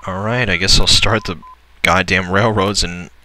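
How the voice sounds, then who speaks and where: A man's voice: deep voice, steady tone, normal speed, bright, forceful tone, a little hiss or hum, poor audio. A young man commenting on a strategy game as he plays, grumbling and swearing at the computer opponents. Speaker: let's player. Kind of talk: gameplay commentary.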